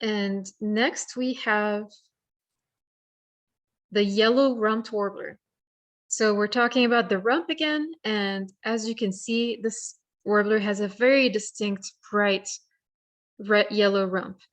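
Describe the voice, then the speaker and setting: A woman leads a virtual lesson on identifying birds. She explains in a friendly, step-by-step way, pausing and restarting now and then. Her voice sits at an ordinary middle pitch. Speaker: workshop presenter. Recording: virtual program audio.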